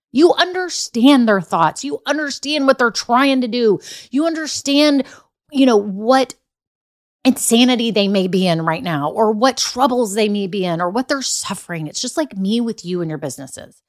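A woman's voice: a little high, animated, moderate pace. A middle-aged woman coaching business owners on a solo podcast, chatty and emphatic, repeating her points and poking fun at herself. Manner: emphatic and repetitive, chatty storytelling; self-deprecating, casual fillers. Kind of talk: solo podcast talk, motivational.

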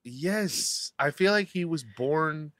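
A man co-hosting a podcast, chatting casually and throwing in quick jokes. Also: on the high side, animated, a bit bright, no echo. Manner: joking, quick quips. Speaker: podcast co-host. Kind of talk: casual chat.

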